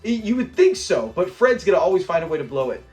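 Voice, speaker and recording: A man's voice: high-pitched, big pitch swings, fast, a little mellow, soft background music. A man hosting a casual episode breakdown. He talks with enthusiasm and acts out the lines he quotes. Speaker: show host.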